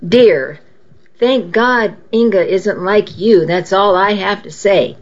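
A woman's voice: mid-range voice, slow pace. A woman reading aloud and voicing a blustering, scornful middle-aged father, on a dull lo-fi recording.

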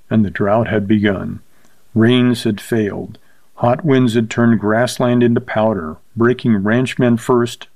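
A man's voice: medium pitch, a little mellow, no room sound. Man narrating a western, dry sound. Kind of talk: scripted audiobook narration.

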